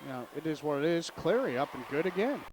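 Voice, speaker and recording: A man calling a local high school basketball game in a chatty play-by-play style, with faint noise behind him. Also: sing-song, fast talker. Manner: chatty, jokey, calls the plays. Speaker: play-by-play announcer. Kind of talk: local sports commentary.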